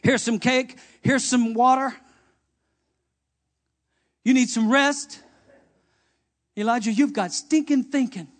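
A fatherly divine voice gives a folksy, teasing rebuke and tells a moping prophet to get up and eat, as a male preacher plays it. The voice sits high for a man and stays homespun and kind. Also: slow, long pauses. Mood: chiding. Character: fatherly divine spirit, gently scolding.

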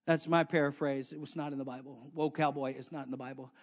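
A man preaching a sermon, dropping to quiet asides and then rising to loud exhortation as he calls on the congregation, with many fillers and restarts. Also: medium pitch, steady tone, fast talker. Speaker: pastor.

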